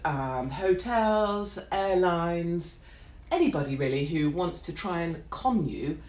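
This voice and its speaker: A woman's voice: lowish voice, darkish tone. A middle-aged British woman delivering a brash, sweary, sarcastic live-stream rant. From Britain. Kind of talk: ranting live-stream monologue. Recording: roomy echo.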